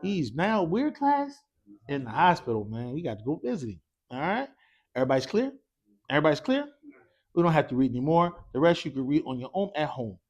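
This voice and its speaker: Guy teaching arabic to a class at the mosque, kinda high voice, keeps asking "what?" and gets them to repeat after him, laid-back and encouraging. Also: big pitch swings, brisk, highs cut off. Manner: quizzing the class with "what?" prompts; casual, encouraging. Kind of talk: classroom lesson with call-and-response.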